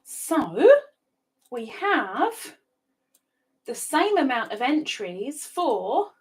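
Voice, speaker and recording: A woman's voice: high voice, very animated, very slow, breathy edge, poor audio. A woman hosting a live stream from her home computer setup, chatting casually, often repeating herself and laughing. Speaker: livestream host.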